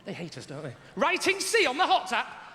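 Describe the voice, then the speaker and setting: A man's voice: very high voice, wildly swooping pitch, a little fast. A man doing a stand-up comedy routine in a large theatre, teasing the audience with rhetorical questions. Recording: echoey theatre with loud audience.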